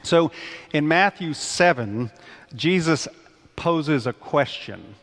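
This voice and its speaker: A man preaching a conversational sermon in a church, animated and acting out people's outbursts. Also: a little high, takes it slowly. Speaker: pastor. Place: church sanctuary. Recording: long church reverb.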